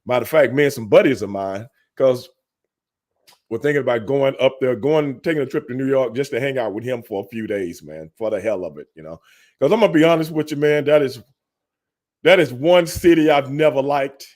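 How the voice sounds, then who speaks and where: A man's voice: mid-range voice, a little fast, a little mellow. A man from Texas hosting a casual interview show, talking in a laid-back way and dropping "man" into his sentences. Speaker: podcast host.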